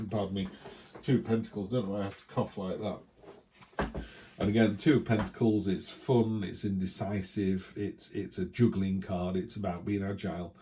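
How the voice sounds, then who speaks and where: A man's voice: sits low, warm tone. A man giving a casual tarot reading, chatty and thinking aloud with many restarts. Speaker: tarot reader.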